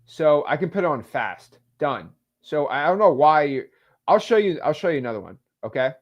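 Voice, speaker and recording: A man hosting a live stream, talking casually and excitedly to his chat and joking with the viewers. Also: on the high side, brisk, dull audio. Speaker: host of a live stream on real estate cold calling.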